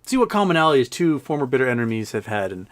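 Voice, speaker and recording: A man's voice: medium pitch, big pitch swings, fast. A man in his forties hosting a casual livestream, rambling and joking and laughing at his own jokes. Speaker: livestream host.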